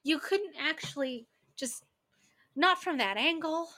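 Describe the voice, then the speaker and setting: High-voiced woman in casual movie chat. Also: lively intonation, unhurried, pushed and bright. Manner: laughing, quotes lines in playful voices. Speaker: podcast co-host.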